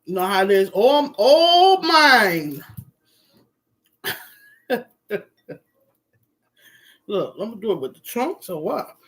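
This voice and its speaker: Woman rambling on her live stream, mid pitch, goes loud then mumbly. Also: expressive, moderate pace, long pauses. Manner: chatty, drifts between loud greetings and murmurs. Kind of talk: casual live-stream chat.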